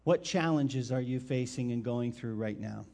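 A male pastor preaching a sermon and reading scripture, asking his listeners direct questions and stressing key words by swinging his loudness. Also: mid-range voice, moderate pace, gravelly. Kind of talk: expository sermon with Bible reading.

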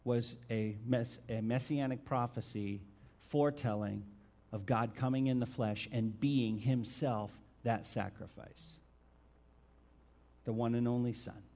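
A male pastor preaching a sermon and reading scripture, asking his listeners direct questions and stressing key words by swinging his loudness. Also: mid-range voice, steady tone, a little slow. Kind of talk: expository sermon with Bible reading.

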